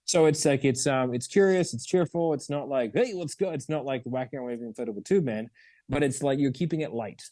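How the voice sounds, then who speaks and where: Animated sales coach, mellow dry voice. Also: male voice, mid-range voice, brisk, no echo. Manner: animated, demonstrates tones by acting them out, swears casually. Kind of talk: live roleplay coaching.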